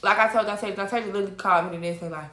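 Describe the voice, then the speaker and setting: A woman's voice: medium pitch, steady tone, very fast, sharp tone. A woman guest in a casual chat, giving emphatic advice. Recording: roomy echo.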